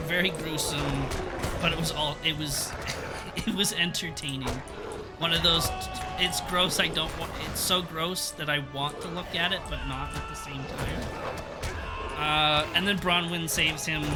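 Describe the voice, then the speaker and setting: A man streaming live, casually recapping a TV episode, rambling along with amused laughs and quick acted-out quotes. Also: on the high side. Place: home streaming setup.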